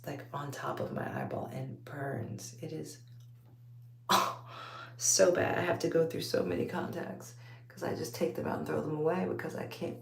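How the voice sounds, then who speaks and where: At home late at night under a bright light, a Texan woman casually chats to her viewers while removing braids, rambling, laughing a lot and calling them y'all. She has a deep, darkish voice with vocal fry, and the recording has a roomy sound plus a little hiss or hum.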